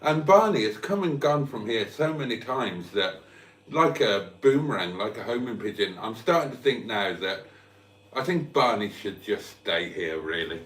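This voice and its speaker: A man's voice: lowish voice, animated, moderate pace, a bit bright, recorded from a distance. A man chatting casually on a live vlog from home, hungover and lisping, in a self-mocking way. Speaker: vlogger. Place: room at home. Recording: roomy, off-mic.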